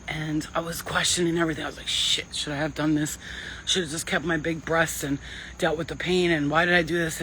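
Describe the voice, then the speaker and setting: A woman's voice: deep voice, fairly bright tone, slight background noise, poor audio. A woman psychic medium giving a casual spiritual reading and telling stories in a blunt, chatty way, swearing freely.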